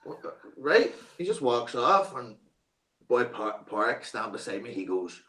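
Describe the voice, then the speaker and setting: A man of ordinary middle pitch tells an anecdote as a guest, cursing freely and stumbling through fillers. His voice comes through a video call that sounds echoey and roomy. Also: normal speed. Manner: swears freely, animated anecdote-telling with many fillers. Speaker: interview guest. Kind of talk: casual storytelling. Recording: roomy echo.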